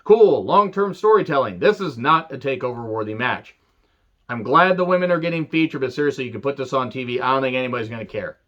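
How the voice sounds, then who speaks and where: A man's voice: medium pitch, expressive, fast, a bit bright, muffled recording. A man reviewing a wrestling show in a casual, rambling way, sarcastic and full of profanity.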